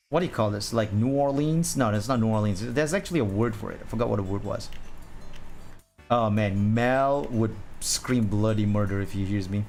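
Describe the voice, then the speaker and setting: A man's voice: medium pitch, moderate pace, darkish tone, soft background music. A man streaming as he draws, chatting casually, rambling and thinking aloud and laughing at himself. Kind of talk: casual chat while drawing on stream.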